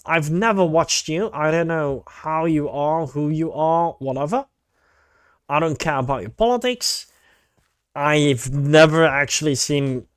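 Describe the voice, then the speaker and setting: A man's voice: a little high, fairly bright tone, clear, resonant tone, no room sound, clean studio sound. A man streaming, chatting casually and animatedly about online drama, swearing freely and saying "mate".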